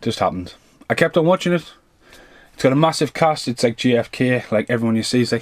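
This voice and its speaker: A man's voice: medium pitch, fast talker, dry recording. A man in his thirties or forties doing an unscripted film review rant, rambling, swearing freely and drifting off on tangents.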